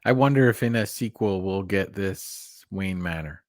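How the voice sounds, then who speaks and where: A man co-hosting a podcast, casually chatting about a film, relaxed and given to short agreeing replies. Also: low-pitched, moderate pace, no room sound, studio quality. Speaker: podcast co-host. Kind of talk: casual movie discussion.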